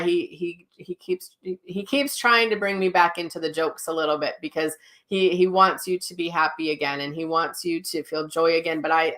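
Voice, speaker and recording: A woman hosting live psychic readings in a somewhat low voice. She speaks gently and reassuringly, with frequent ums and restarts. Now and then she slips into quoting the messages she relays. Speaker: psychic medium host.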